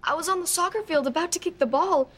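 High-voiced, friendly young woman. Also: quick pace, fairly bright tone. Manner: friendly, giggly. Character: friendly young woman who works at a school. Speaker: school office worker, former babysitter. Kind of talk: sitcom acting.

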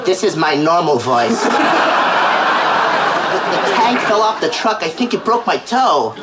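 A deadpan hurt patient, slightly raised voice, noisy TV sound. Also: male voice, a little high, very fast. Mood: flat. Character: injured male patient, squeaky deadpan. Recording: noisy TV sitcom audio.

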